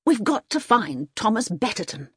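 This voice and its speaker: A woman voicing an agitated male army colonel in an audiobook reading, loud and urgent. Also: medium pitch, sing-song, a little slow, dry recording, clean studio sound.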